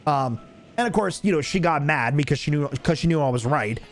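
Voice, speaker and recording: A man's voice: a little high, animated, a little fast, soft background music. A young man streaming a game, telling a rambling, profane story in a casual chat.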